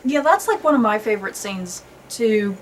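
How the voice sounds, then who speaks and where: A woman's voice: moderate pace, a little hiss or hum, rough recording. A woman hosting a casual chat about a film, laughing often and talking animatedly. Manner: chatty, laughs often, lively swings in pitch. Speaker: host.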